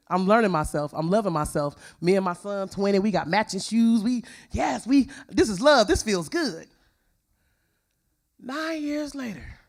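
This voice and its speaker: A woman shares her personal testimony at a church women's conference. Her pitch swings widely as she speaks, and her delivery is emphatic and expressive. Her speech is casual and plainspoken, delivered to a crowd of women.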